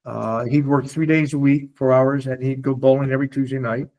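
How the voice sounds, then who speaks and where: A man speaking casually to a support group on a video call, animated and often checking in with his listeners. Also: medium pitch, a little fast, highs cut off. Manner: animated, repeatedly checks in with "okay?". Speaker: near-death experiencer sharing his story.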